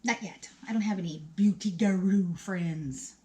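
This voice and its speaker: A woman in her fifties chatting through a makeup vlog at home, rambling and self-mocking with animated asides. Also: fairly low pitch, measured pace, few pauses, a little hiss or hum. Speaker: beauty vlogger. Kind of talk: chatty get-ready-with-me vlog.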